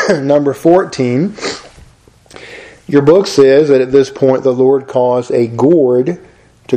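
Guy preaching, chatty and folksy, warm relaxed voice, keeps asking right?. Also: mid-range voice. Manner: folksy, chatty, asks the listeners questions. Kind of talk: sermon.

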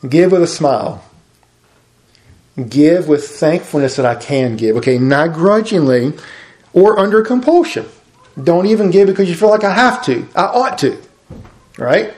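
A man's voice: a little high, lively intonation, moderate pace, darkish tone, echoey room, rough recording. A man preaching a conversational, folksy sermon as a pastor.

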